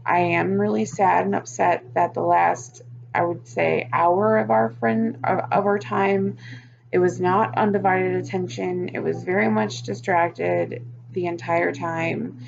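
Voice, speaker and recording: Gravelly-voiced woman venting on her vlog. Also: on the low side, fairly even intonation, a little slow, highs cut off, a little hiss or hum. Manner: frank, swears often, venting. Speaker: vlogger. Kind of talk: emotional personal vlog.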